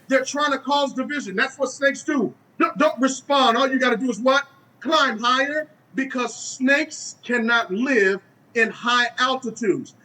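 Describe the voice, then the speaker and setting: A man's voice: very high voice, sharp tone, rough recording. A man speaking as a company executive, giving a preachy, repetitive motivational speech on a webinar call.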